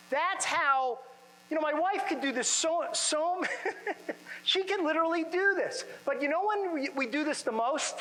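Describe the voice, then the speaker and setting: A man speaking to chiropractors at a seminar in a conference room, energetic and full of rhetorical questions to the audience. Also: very high voice, long reverb tail, slight background noise, rough recording. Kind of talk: motivational seminar talk.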